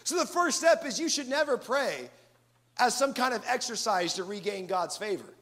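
Male pastor, high voice with gravel, animated sermon delivery. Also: normal speed. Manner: animated preaching with acted-out asides.

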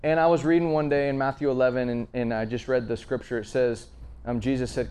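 A man preaching a conversational sermon, earnest and storytelling, swinging between emphatic lines and hushed asides. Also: mid-range voice, quick pace, clear, resonant tone. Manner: frequent fillers and restarts, storytelling.

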